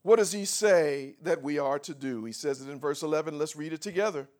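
A man preaching a sermon to a congregation, leading call and response and building from quiet talk to shouted scripture. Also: a little high, a little fast. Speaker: pastor. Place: church before a congregation.

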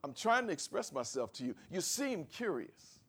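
A man's voice: a little high, sing-song, moderate pace, husky, heavily acted. A preacher speaking as Jesus, patient and sure of his authority. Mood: earnest. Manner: earnest, explaining himself directly. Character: Jesus, grown man, patient authoritative teacher.

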